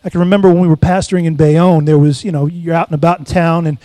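A man's voice: fairly high pitch, steady tone, quick pace, warm tone, dry recording. A middle-aged man preaching a sermon, telling personal stories and calling for amens from the congregation. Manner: call-and-response preaching, asks congregation for amens. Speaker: pastor.

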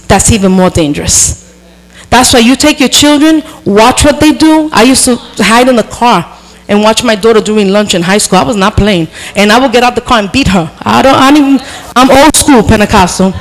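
A middle-aged woman pastor preaching a sermon, animated and emphatic, with frank asides to the congregation. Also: fairly high pitch, rough recording.

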